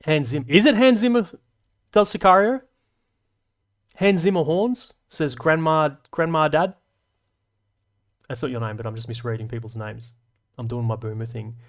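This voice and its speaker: A man's voice: a little high, expressive, normal speed, pauses often. A man hosting a casual live stream, reading chat and rambling in a self-deprecating way with lots of fillers.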